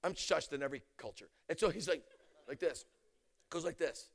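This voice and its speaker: Casting: high-pitched male preacher, lively storyteller, bursts into shouts. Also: moderate pace. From United States. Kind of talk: storytelling sermon.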